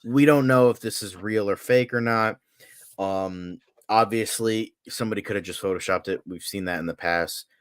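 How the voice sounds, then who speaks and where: Low-voiced man ranting on a podcast. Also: moderate pace, clear, resonant tone, no echo, studio quality. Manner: blunt, swears freely, animated rants. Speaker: co-host of a daily fan news show. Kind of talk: casual podcast chat.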